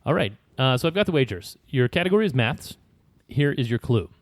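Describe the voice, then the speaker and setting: A man's voice: medium pitch, sing-song, brisk, no echo. A man hosting a trivia game on a podcast, reading clues aloud and laughing often. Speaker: quiz host.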